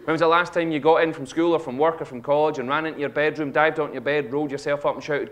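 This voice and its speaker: A man in his thirties with a Scottish accent, giving a humorous motivational talk on stage and acting out a child's lines with animated storytelling. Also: on the high side, quick pace, few pauses, a little hiss or hum. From Scotland. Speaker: speaker. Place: auditorium stage.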